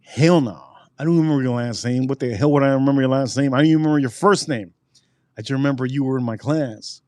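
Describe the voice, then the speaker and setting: Rambling, repetitive livestream host, dry sound. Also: male voice, mid-range voice, fast, a little mellow, no room sound. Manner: rambling, repeats phrases, talks straight to chat. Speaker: livestream host reviewing drinks. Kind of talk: casual live-stream chat.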